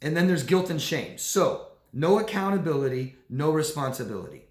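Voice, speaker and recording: A man, a coach, talking casually to camera with animated delivery, often repeating words. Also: on the high side, moderate pace. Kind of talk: casual talking-head video. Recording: echoey room.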